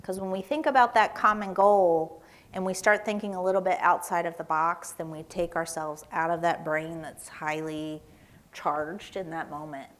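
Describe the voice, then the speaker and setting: A woman's voice: fairly low pitch, steady tone, normal speed. Woman from Tennessee, seminar speaker in a church hall; conversational, tells stories, keeps asking "right?". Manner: conversational, storytelling, often asks "right?".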